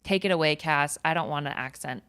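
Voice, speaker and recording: A woman's voice: deep voice, fairly quick, fairly bright tone, clean tone. Giggly, self-mocking young woman podcaster. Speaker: podcast co-host. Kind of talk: casual podcast chat.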